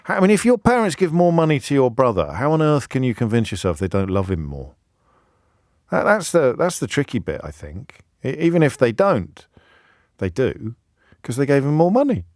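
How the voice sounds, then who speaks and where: A man hosting a live radio phone-in, animated and wry, often restarting his sentences. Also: medium pitch, normal speed, no echo, studio quality. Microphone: studio microphone.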